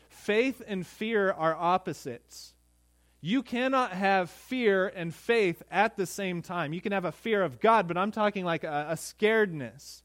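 A young man preaching a sermon to his congregation, chatty and joking, voicing the disciples' pleas as he goes. His voice sits a little higher than most men's. The sound is dry and close, with no room echo. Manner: conversational, joking asides, acts out the disciples' pleas. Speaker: pastor.

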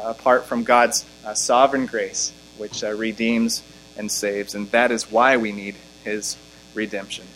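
Delivering an expository sermon, this man reads scripture aloud and presses each point with growing intensity. His tone is fairly bright, captured on a rough recording. Key lines rise in pitch and volume, while scripture passages are slowed for emphasis.

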